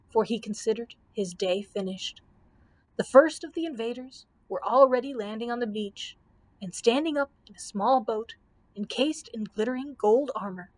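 A woman librarian reading a children's book aloud in a clear, steady way, with small slips now and then. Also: a little high.

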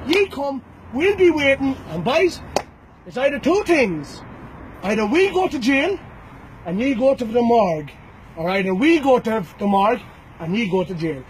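An Irish man with a strikingly high voice that swings up and down a lot delivers a fighter's recorded challenge. He taunts and threatens, circling back to the same names and phrases again and again. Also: very animated, normal speed, a little hiss or hum, poor audio. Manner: taunting and threatening, repeats names and "boys" often. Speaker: bare-knuckle fighter.

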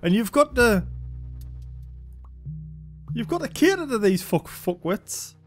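A man's voice: very high-pitched, sing-song, slow, soft background music. A young man giving casual, sweary gameplay commentary, thinking aloud as he plays. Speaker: game reviewer.

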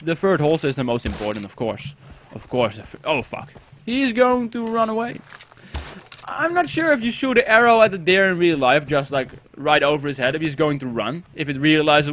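An eighteen-year-old man with a Dutch accent doing let's play commentary, excitable and rambling, swearing a lot. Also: fairly high pitch. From Netherlands. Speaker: gaming YouTuber.

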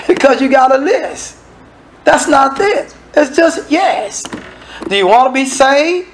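A man delivers a sermon in a relaxed, colloquial way. He reads scripture, then breaks into casual asides to the congregation. He slips into the voices of the people he describes. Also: very high-pitched, slow, low-quality recording. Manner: conversational, acts out the people in the scripture. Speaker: preacher.

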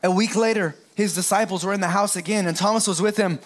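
A middle-aged man preaching an Easter sermon in a high voice. He speaks straight to the congregation and often breaks off into playful jokes. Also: fairly even intonation, fast talker. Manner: playful, joking asides, talks straight to the congregation. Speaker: pastor.

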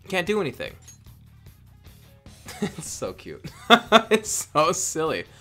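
A man chatting through a video game, rambling off on tangents and swearing freely in a playful, self-mocking way. His pitch swings widely and lively, with faint game music under him. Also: slow pace. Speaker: let's play host. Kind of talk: casual gameplay commentary.

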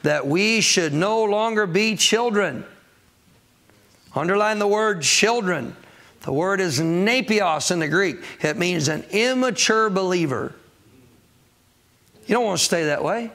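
A man's voice: high voice, vocal fry, a bit bright. A man preaching a sermon as pastor of a church, calling out to the congregation for answers and acting out people's excuses. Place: church sanctuary.

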